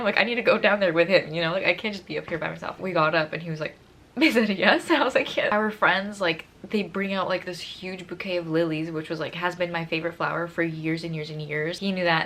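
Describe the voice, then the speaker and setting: A woman's voice: lowish voice, a bit bright, slight background noise. A young woman vlogger telling a personal story in a casual, gushing and emotional way, full of fillers.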